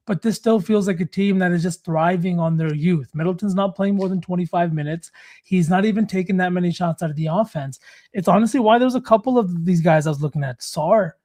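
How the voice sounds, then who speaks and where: A man's voice: sits high, brisk, a little mellow. A man co-hosting a sports betting show, breaking down player props in casual analytical chat.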